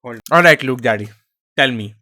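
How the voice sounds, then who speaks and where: Bright-voiced joking male reactor. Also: mid-range voice, moderate pace, no room sound. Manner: joking, sarcastic asides. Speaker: reaction video host. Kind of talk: casual commentary.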